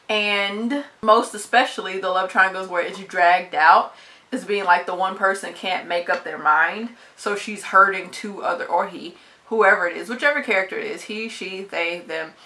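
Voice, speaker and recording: A woman's voice: medium pitch, pushed and bright. A woman book vlogger talking casually and bluntly, swearing freely and laughing often. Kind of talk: casual book tag vlog.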